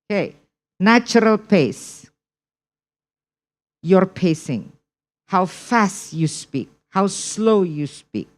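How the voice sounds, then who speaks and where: Slow, deliberate woman teaching test prep. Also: medium pitch, animated, darkish tone. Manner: slow, deliberate teaching with repeated check-ins. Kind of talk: online English test prep lesson.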